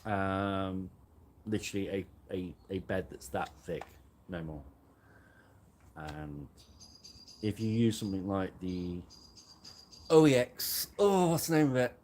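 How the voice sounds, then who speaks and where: This host's voice is low-pitched with lively intonation; he takes it slowly, pauses often, and sounds a little mellow against slight background noise. He's hosting a casual live chat from a garden at night, rambling, joking about himself and laughing frequently.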